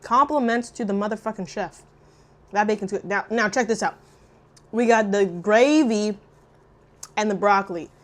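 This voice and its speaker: A young woman chatting casually while eating on camera, loud and profane, jumping between shrieks and low mutters. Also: normal speed, pauses often. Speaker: mukbang vlogger. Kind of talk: casual eating vlog chat.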